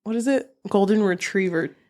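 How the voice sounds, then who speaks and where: A woman's voice: mid-range voice, normal speed, darkish tone. A woman co-hosting a book podcast in casual chat, blunt and chatty, swearing freely.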